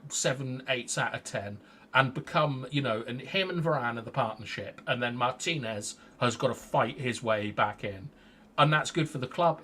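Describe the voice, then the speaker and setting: A man's voice: mid-range voice, a bit bright, a little hiss or hum. A man co-hosting a casual fan show, giving strong opinions in a rambling way. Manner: opinionated, rambling, restarts sentences. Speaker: fan channel co-host.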